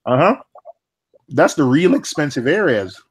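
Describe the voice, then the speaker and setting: A man in his thirties, originally from Jamaica, chatting casually on a live stream with animated, laughing speech and frequent repeated words. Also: a little high, unhurried, husky. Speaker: live stream chat participant. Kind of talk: casual chat.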